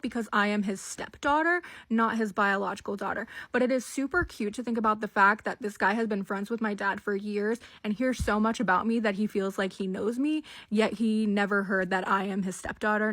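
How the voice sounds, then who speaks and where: A woman in her thirties rattles off family stories at a quick clip. Her voice is bright and sharp, and her punchlines land deadpan and sarcastic. She talks close to a phone mic. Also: mid-range voice. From Idaho, US. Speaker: storyteller. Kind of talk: casual storytime monologue.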